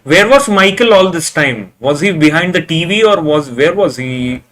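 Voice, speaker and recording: A man giving casual live reaction commentary, excitable, cheering and groaning at the screen, often repeating himself as he talks. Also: on the high side, normal speed, faint music behind. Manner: repeats words and restarts often. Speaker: reaction video host.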